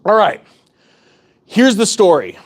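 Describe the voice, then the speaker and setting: A man delivers impassioned commentary straight to his viewers, his voice sitting on the higher side. He sounds fired up and urgent, hammering home his points by repeating them. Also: sing-song, takes it slowly. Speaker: finance YouTuber. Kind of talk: impassioned direct-to-camera commentary.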